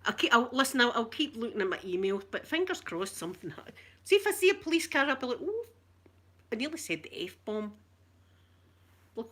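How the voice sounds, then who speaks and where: A woman's voice: a little high, big pitch swings, brisk, long pauses, fairly bright tone. A middle-aged Scottish woman chatting to her live-stream viewers, bawdy, flirtatious and full of stories. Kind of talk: casual live-stream chat.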